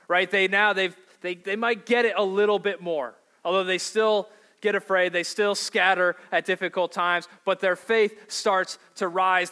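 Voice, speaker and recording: Brief: man, pastor, conversational sermon, slow and bright. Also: fairly high pitch, clear, resonant tone. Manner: conversational preaching, asks the congregation questions.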